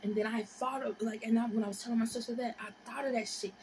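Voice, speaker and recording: Twenty-something woman vlogging, expressive and crude, fairly high voice, steady background noise. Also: fast talker, low-quality recording. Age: 20s. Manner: animated and profane, dropping to whispers and rising to shrieks. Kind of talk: casual storytelling vlog.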